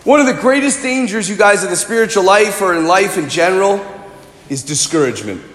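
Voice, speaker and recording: A man in his forties preaching a sermon, animated and conversational, telling personal stories. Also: high voice, fairly quick. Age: 40s. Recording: echoey hall.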